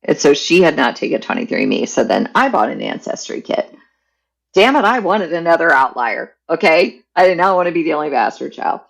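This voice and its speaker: A woman guest on a podcast, telling a personal family story in a candid, animated way. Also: low voice, a little fast, gravelly, rough recording.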